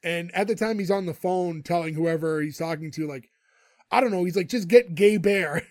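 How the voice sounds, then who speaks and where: This podcast co-host has a slightly high, steady, somewhat mellow voice and talks a little fast. Recapping a TV episode in casual chat, he laughs a lot while retelling scenes, with no echo on the audio.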